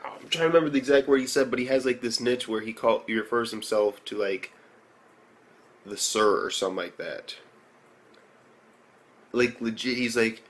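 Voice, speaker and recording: A young man casually recapping and reviewing an anime episode, rambling and profane with many fillers, and excitable. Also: normal speed. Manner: excitable, jumps into high reactions.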